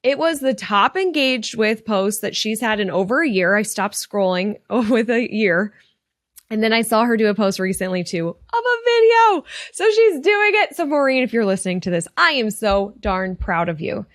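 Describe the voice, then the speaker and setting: A woman hosts a retail podcast, her fairly high voice lively in intonation and moving at a normal speed. As a retail coach, she talks casually and motivationally, with earnest encouragement and open emotion. The recording is dry, with clean studio sound.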